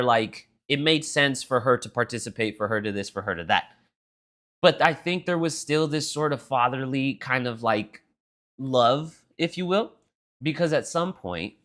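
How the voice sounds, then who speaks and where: A young man co-hosting a podcast, telling an animated, profane story in casual chat. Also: medium pitch. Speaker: podcast co-host.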